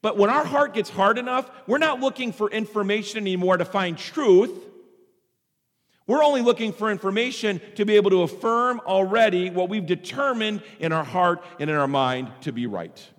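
A man's voice: sits high, normal speed. Preaching man in a reverberant hall. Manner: animated preaching, acts out quoted voices. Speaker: pastor. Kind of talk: sermon.

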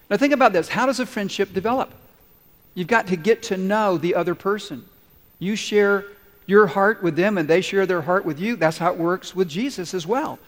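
A man's voice: sits high, a little fast. A man pastor preaching a sermon in a large church, earnest and conversational, putting questions to the congregation. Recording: long hall reverb.

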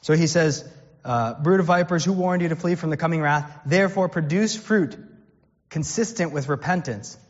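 Earnest pastor in an echoing hall. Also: male voice, fairly high pitch, moderate pace. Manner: conversational and earnest, quoting scripture. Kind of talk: sermon. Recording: dull sound with long hall reverb.

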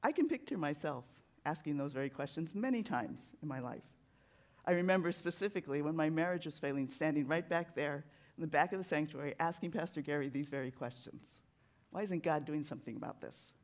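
Delivering a sermon in a church sanctuary, a medium-pitched preacher narrates a story a little quickly, keeping his tone animated and conversational.

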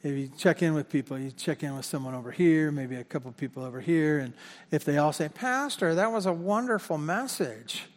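A man's voice: medium pitch, steady tone, quick pace, a little mellow. A man preaching a sermon as pastor in a church, talking in a conversational way and often repeating words as he corrects himself. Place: church sanctuary. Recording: long hall reverb.

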